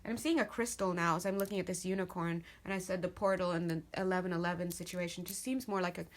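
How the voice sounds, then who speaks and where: A woman's voice: lowish voice, steady tone, fast. A woman giving a casual spoken tarot reading to her viewers, chatty and rambling, with frequent laughs and asides. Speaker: tarot reader.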